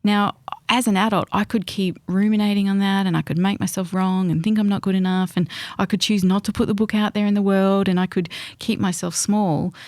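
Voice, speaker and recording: A woman's voice: medium pitch, steady tone, fairly quick, hardly any pauses, no echo, studio quality. A middle-aged woman, a parenting expert retelling conversations as a reflective storyteller on a podcast. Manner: warm, reflective storyteller who acts out remembered dialogue.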